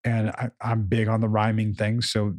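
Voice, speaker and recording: A man's voice: on the low side, monotone, normal speed, a little mellow, no room sound, clean studio sound. A man co-hosting a casual chat, explaining his coaching approach emphatically and often repeating words as he thinks. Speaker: podcast co-host, coach.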